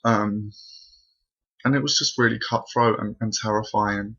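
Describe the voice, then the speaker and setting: A man's voice: fairly low pitch, fairly even intonation, measured pace, creaky, sharp tone, slightly rough. A young man rambling through a spooky personal story at home, with lots of fillers. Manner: breathless, rambling, full of fillers. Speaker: vlogger. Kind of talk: casual storytelling to camera. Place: bedroom at home. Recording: dull lo-fi home recording.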